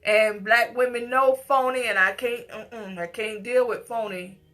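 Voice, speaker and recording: A woman's voice: on the high side, fairly even intonation, unhurried, fairly bright tone. A middle-aged woman giving an impassioned, scolding personal commentary, at times tearful and pleading. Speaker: commentator reacting to a news story.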